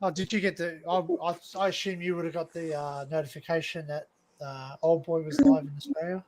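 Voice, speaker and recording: A man hosting a casual live stream chat over a video call, telling lively anecdotes and swearing freely. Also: a little high, a little fast. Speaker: livestream host.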